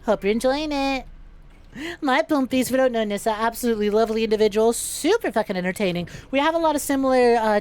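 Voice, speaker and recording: A woman streaming a game, greeting her chat by name, swearing freely and laughing often. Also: on the high side. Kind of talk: casual livestream chat while gaming.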